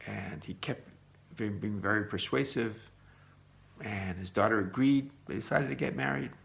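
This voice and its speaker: A man teaching a Torah lesson, retelling a story in a lively way with frequent restarts. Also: on the low side, normal speed, vocal fry.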